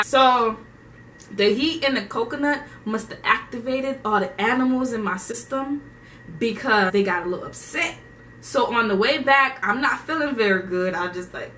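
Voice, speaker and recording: A young woman vlogger tells a story in a bright, high-leaning voice, full of slang and quick laughs. She sounds a little distant from the mic, with faint ambient noise around her. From Haiti. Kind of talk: casual storytelling to camera.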